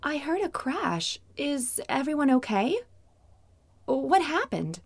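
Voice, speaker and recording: A woman voicing a caring mother in a children's storybook, concerned and gently scolding. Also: high-pitched, big pitch swings, takes it slowly, pitched above the performer's own voice, exaggerated voice.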